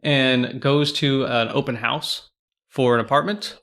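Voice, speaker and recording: A man's voice: mid-range voice, steady tone, measured pace, fairly bright tone. A man co-hosting a library podcast, casually retelling a novel's plot in a rambling way, full of fillers and restarts. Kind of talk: casual book chat.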